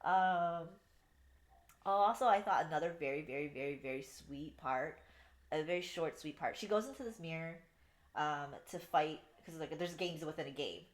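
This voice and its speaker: A young woman with a fairly low voice co-hosts a casual book podcast, recapping scenes with lots of energy, loose swearing and bursts of laughter. The room around her sounds echoey. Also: normal speed. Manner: animated retelling, frequent swearing, laughs at favorite parts. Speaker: podcast co-host. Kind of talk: casual book review chat.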